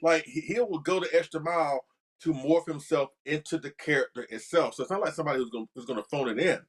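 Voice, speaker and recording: Enthusiastic male podcast co-host, slightly high. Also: fast. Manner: enthusiastic, many fillers like "you know" and "like". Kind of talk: casual chat.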